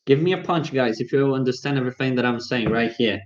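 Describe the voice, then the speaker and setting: A man's voice: mid-range voice, fast talker. Man teaching English on a stream. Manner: coaxing, upbeat, talks straight to viewers. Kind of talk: live-streamed English lesson. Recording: dull lo-fi stream audio.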